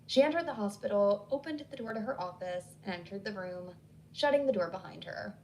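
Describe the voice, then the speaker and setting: A woman narrating a horror story in a measured, scripted reading. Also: medium pitch, animated, darkish tone, a little hiss or hum, poor audio.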